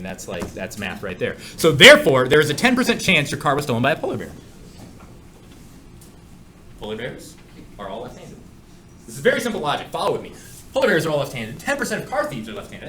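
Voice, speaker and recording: A man's voice: medium pitch, background noise. A man teaching a math class in a classroom, joking around and asking students many questions. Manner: jokey and playful, asks the class many questions. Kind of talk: classroom lecture. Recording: echoey classroom with faint ambience.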